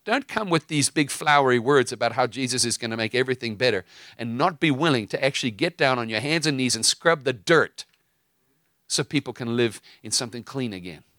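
A man's voice: medium pitch, animated, a little fast, bright, forceful tone, dry recording, clean studio sound. A man preaching with fiery emphasis, mixing stories and casual asides with scripture. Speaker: preacher and host. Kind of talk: impassioned preaching.

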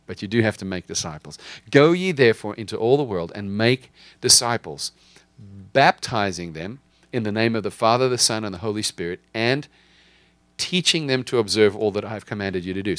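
A man's voice: lowish voice, a bit bright, no echo. A man preaching a sermon as pastor, speaking emphatically and repeating key lines for his listeners.

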